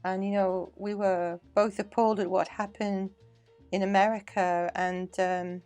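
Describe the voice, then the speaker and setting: Middle-aged English woman, dance teacher guest, animated storyteller. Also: medium pitch, unhurried, soft background music. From England. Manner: chatty, animated anecdotes. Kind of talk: casual interview storytelling.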